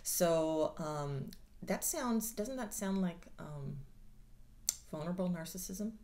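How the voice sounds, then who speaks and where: A woman vlogger talks in a casual monologue with a blunt, sarcastic edge and plenty of swearing. Her pitch rises and falls a lot as she speaks. She keeps an unhurried, drawn-out pace. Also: animated, dark tone, slight background noise. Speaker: mental health vlogger.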